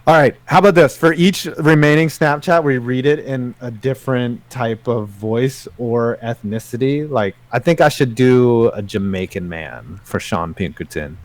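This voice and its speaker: A man's voice: medium pitch, moderate pace, few pauses, no echo. A man co-hosting a casual podcast, joking around with crude, loose banter. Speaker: podcast co-host.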